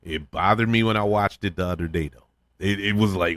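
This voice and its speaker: Chuckling man, lowish voice, dry sound. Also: fairly quick, fairly bright tone, dry recording. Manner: opinionated, chuckles often, repeats words while thinking. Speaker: podcast host reviewing films. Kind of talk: casual spoken film review.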